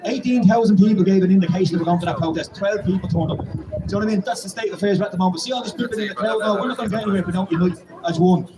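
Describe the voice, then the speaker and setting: An Irish man making a profane, impassioned street speech at a protest, rising to shouts. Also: high-pitched, racing, very noisy. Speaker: protest speaker. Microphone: public microphone and PA. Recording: echoey, distant from the mic, loud crowd. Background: crowd.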